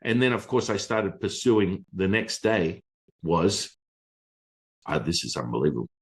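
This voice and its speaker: A Taoist teacher recounts stories from his past in a casual, animated conversation, doing voices and swearing offhandedly. He speaks slowly with a fairly low pitch.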